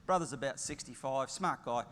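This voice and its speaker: A man's voice: medium pitch, normal speed, fairly bright tone, slight background noise. A middle-aged man with an Australian accent giving a conference keynote, telling chatty, plain-spoken stories with humour. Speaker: keynote speaker. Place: large conference hall. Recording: long hall reverb.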